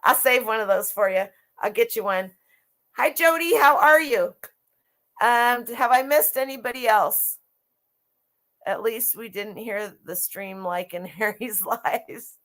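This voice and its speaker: A woman's voice: a little high, unhurried, a bit bright. A middle-aged woman who resells vintage clothing, chatting casually and rambling on a live stream with lots of restarts.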